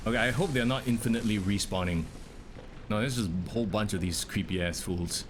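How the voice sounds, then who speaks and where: A man's voice: fairly low pitch, fairly quick, background noise. A young man streaming a game live, chatting casually with his viewers and reacting to what happens on screen.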